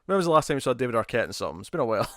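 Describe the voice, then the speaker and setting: A man's voice: mid-range voice, very animated, rapid-fire, no room sound, clean studio sound. A man co-hosting a podcast, chatting casually and rambling about movie trailers with lots of restarts. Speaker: podcast co-host.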